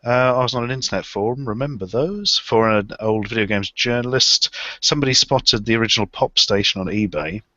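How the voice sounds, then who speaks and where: A man's voice: lowish voice, brisk, few pauses, sharp tone, no room sound. A man telling a long, rambling, self-mocking story with casual swearing on a live stream panel. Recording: dull lo-fi live stream audio.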